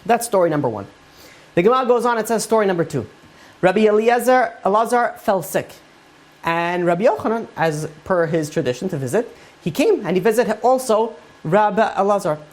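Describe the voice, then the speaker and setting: A man's voice: high-pitched, lively intonation, brisk. A man, a rabbi, giving an informal Torah class, retelling Talmud stories in a conversational way with many fillers.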